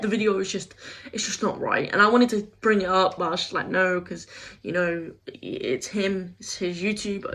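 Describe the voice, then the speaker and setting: Frustrated and rambling, this young woman rants in a casual vlog, peppering her speech with swearing and "like." Her voice sits at medium pitch with some brightness, and the recording quality is low.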